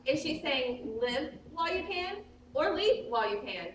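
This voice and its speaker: A woman's voice: sits high, big pitch swings, normal speed, heavy background noise. A young woman playing a male musical-theatre fan who confides chattily in the audience, on a school stage. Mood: confiding. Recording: echoey stage audio from far off.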